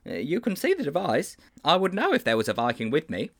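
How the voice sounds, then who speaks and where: A man playing a fretful, lovesick middle-aged schoolmaster in a storybook reading, who stammers through his confessions and swoops up in pitch when he frets. His voice is raised well above a plain reading voice and rises and falls widely. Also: huge pitch swings, brisk, exaggerated voice. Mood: flustered. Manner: fretful, stammering, dramatic wailing.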